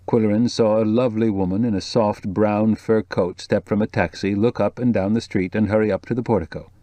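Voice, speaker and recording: A man narrating an audiobook in a measured, even storytelling voice. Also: on the low side, dry recording. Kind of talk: scripted narration.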